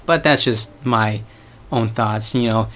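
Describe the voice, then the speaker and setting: A man's voice: on the low side, takes it slowly, fairly bright tone, slight background noise. A young man from the United States talking casually to his viewers, rambling with hedges and slang. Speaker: vlogger. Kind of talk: casual vlog monologue.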